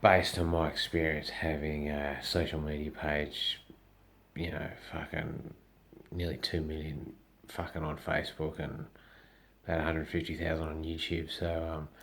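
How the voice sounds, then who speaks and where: Man, Australian accent, very low pitch, blunt, profane, casual monologue. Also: level tone, unhurried, creaky, a bit bright. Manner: blunt, profane, acts out quoted voices. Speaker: social media personality.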